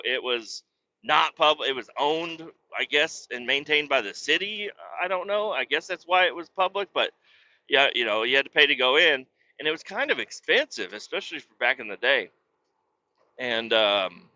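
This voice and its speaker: Bright-voiced profane man telling stories. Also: on the high side, muffled recording. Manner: profane, rambling and animated. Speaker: podcast host. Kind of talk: casual storytelling chat.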